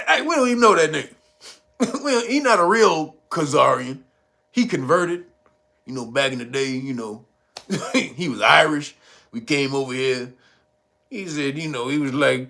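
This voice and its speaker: A man hosting his own channel, telling a story in casual, slangy commentary, animated and chuckling often. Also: a little high, normal speed, gravelly, long pauses. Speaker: channel host.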